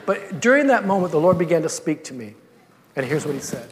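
A man's voice: sits high, fast talker, in a large hall, slight background noise. A man preaching a sermon, telling a personal story with many repeated words and restarts.

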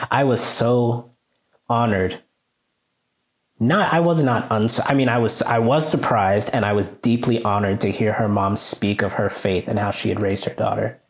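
A male teacher earnestly telling a story in a conversation, growing animated as he recounts a moving moment. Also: echoey room. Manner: earnest, animated, rises in pitch when moved. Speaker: high school teacher, guest.

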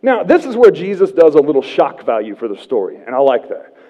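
Male pastor, thirties, lively and a bit high, jokey conversational sermon, dull livestream with long hall reverb. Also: a little fast. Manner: conversational and humorous, often asking "right?". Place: church sanctuary.

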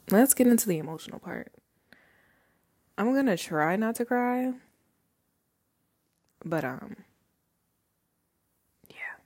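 A young woman hosts her own podcast from home, chatting loosely and rambling with lots of fillers, frequent laughter and the occasional swear. Her mid-range voice is a little mellow, recorded on a handheld microphone at studio quality with no echo.

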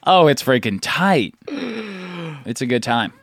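Laid-back young guy, lively voice. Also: fairly high pitch, takes it slowly, slightly rough, no room sound. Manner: laid-back, laughing, slangy. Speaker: podcast co-host. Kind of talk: casual chat.

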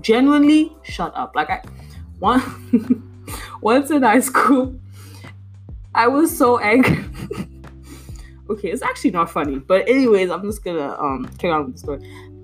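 A young woman, a university student, telling annoyed stories in a casual chat, animated and exasperated, with lots of fillers. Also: medium pitch, a little slow, pauses often, breathy edge, soft background music, rough recording. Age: young adult.

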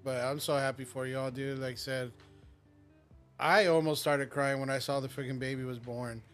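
A man's voice: mid-range voice, steady tone, moderate pace, soft background music. Supportive man joking on a podcast. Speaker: podcast co-host. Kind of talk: casual podcast chat.

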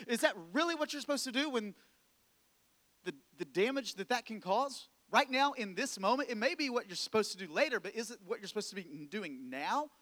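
A male pastor with a high, bright voice delivers a conversational sermon, stacking up rhetorical questions and repeating his key phrases. The sound carries a long reverb tail from a large church hall. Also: animated, brisk.

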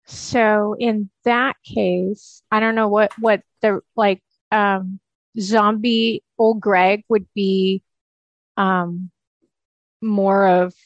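A woman's voice: medium pitch, fairly even intonation, drawn-out words, dry recording, lo-fi sound. A woman from the US West Coast chatting casually as a tabletop player, easygoing and a bit hesitant. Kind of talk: casual chat.

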